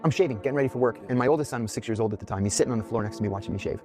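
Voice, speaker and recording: A man telling a dramatic personal story in an animated way. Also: mid-range voice, very fast, over music.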